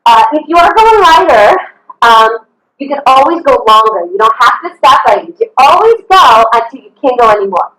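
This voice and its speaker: A woman's voice: high voice, sing-song, normal speed, fairly bright tone, reverberant, low-quality recording. A woman fitness coach leading an online workout, upbeat and encouraging, counting reps and whooping, a little out of breath. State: slightly out of breath. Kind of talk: live online workout instruction.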